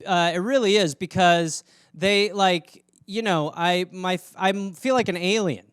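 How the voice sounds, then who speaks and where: A man's voice: high-pitched, unhurried, fairly bright tone, smooth, dry recording, studio quality. A man from Wisconsin with an American Midwestern accent, hosting a casual solo chat in a rambling, profane, self-mocking way. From Wisconsin, USA. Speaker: comedian host answering fan questions.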